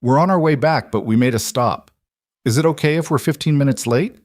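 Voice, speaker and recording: A man voicing a powerful man who is a gentle, earnest father in a narrated story, speaking calmly and reassuringly. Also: lowish voice, moderate pace, no room sound, clean studio sound. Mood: eager. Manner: calm, reassuring.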